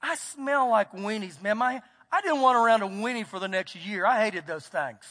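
High-voiced Texan pastor preaching. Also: male voice, moderate pace, pushed and bright. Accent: Texas. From United States. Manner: folksy storytelling, acts out quotes. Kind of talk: sermon. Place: church sanctuary. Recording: church hall with long reverb.

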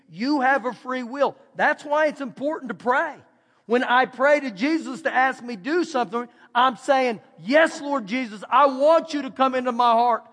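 High-voiced pastor preaching in a reverberant church. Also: male voice, fairly bright tone. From Texas, USA. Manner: conversational preaching, acts out quoted voices. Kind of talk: sermon. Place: church sanctuary.

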